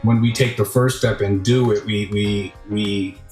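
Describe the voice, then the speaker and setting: A man's voice: on the low side, fairly even intonation, measured pace, a little mellow, reverberant, faint music behind. A man hosting a casual conversation, chatty and thinking aloud with many restarts. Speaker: podcast host.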